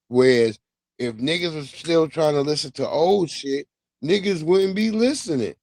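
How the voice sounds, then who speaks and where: A man's voice: a little high, darkish tone. Profane, laughing male livestream host. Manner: loose, profane, laughing, slangy storytelling. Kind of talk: casual commentary monologue.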